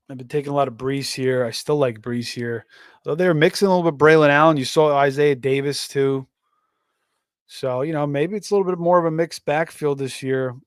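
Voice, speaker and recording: A man's voice: medium pitch, no echo, clean studio sound. A man hosting a live fantasy football stream, talking casually with many fillers and restarts while reading out chat messages. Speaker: fantasy football livestream host.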